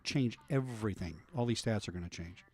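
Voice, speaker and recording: A middle-aged man hosting a radio talk show, telling police stories with lively animated delivery. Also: fairly low pitch, fairly quick. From United States. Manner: animated storyteller, acts out voices in anecdotes.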